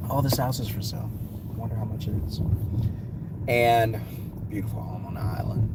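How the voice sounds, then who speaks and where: A man's voice: on the low side, moderate pace, noisy background. A man vlogging his opinions on sports, talking in emphatic, punchy, repeated phrases while in a car. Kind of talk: casual opinion rant.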